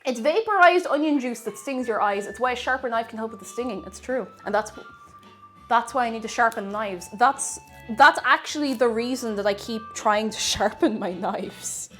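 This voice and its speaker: Young woman, Tipperary Irish accent, slightly high voice, chatty and giggly, cooking livestream, faint music behind. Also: moderate pace, fairly bright tone. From Tipperary, Ireland. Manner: chatty, giggly, greets chat while cooking. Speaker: cooking streamer. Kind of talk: casual cooking livestream chat.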